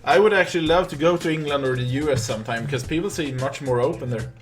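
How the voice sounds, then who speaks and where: A man's voice: a little high, fast talker, faint music behind. Rambling young Swedish-accented streamer man. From Sweden. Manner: rambling storytelling with fillers. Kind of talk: casual chat while gaming live.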